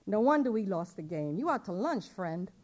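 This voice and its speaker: A woman's voice: mid-range voice, big pitch swings, moderate pace, darkish tone. A woman voicing a brash teenage boy who teases his friend in streetwise slang with Spanish curses. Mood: scornful.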